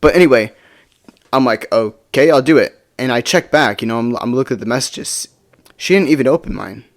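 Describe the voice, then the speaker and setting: A man's voice: mid-range voice, lively intonation, brisk. A teenage boy from the United States telling a casual storytime, rambling with lots of fillers and swearing.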